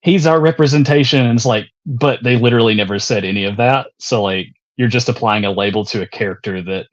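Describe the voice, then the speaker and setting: A man chatting casually as a guest on a podcast, relaxed and swearing lightly, sometimes pausing to search for a word. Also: lowish voice, lo-fi sound.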